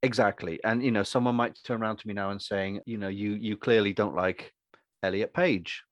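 A man who acts, talking through his opinions in a rambling, animated way and acting out other people's lines. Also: lowish voice, fairly quick, no room sound, dull audio. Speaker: podcast co-host and actor. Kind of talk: casual opinionated chat.

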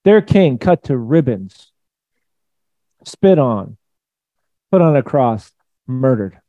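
A man preaching a sermon in a conversational, emphatic way, swinging between loud and soft. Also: medium pitch, big pitch swings, slow pace, no room sound, narrow, tinny audio. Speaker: pastor.

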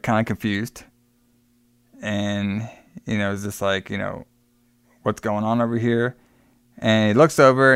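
Casual man retelling a film, crisp dry voice. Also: mid-range voice, fairly bright tone, no echo. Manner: retells scenes by acting out characters' lines; swears casually. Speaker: podcast co-host recapping a film. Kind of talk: casual chat.

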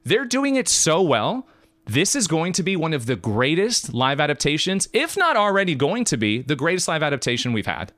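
Hyped, lively man podcasting. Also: moderate pace, dry recording, studio quality. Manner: hyped, emphatic, swings high and low. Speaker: podcast host. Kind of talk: excited solo podcast rant. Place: California.

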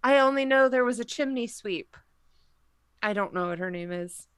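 A woman co-hosting a casual chat podcast, animated and laughing, with lots of "like" in her speech. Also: a little high, normal speed, clear, resonant tone, no room sound, studio quality. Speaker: podcast co-host.

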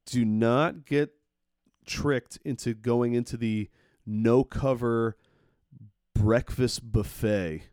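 A man in a casual podcast chat, venting in a fired-up way and swearing freely. His voice sits at an ordinary middle pitch. The sound is dry and close, with no room echo. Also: fairly even intonation, slow pace, darkish tone. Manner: heated ranting, heavy swearing. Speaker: podcast co-host.

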